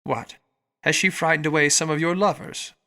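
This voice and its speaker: A male narrator voicing an ironic older father who speaks in a low, teasing manner. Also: steady tone, normal speed, bright, forceful tone. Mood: wry. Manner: wry, teasing.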